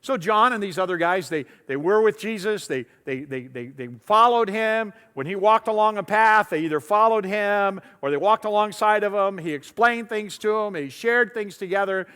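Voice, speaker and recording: A man's voice: high voice, normal speed, few pauses, sharp tone, smooth, big-room sound. A man preaching a sermon in a church on a lapel mic, talking conversationally, often repeating words and acting out voices from the story. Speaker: pastor. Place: church sanctuary.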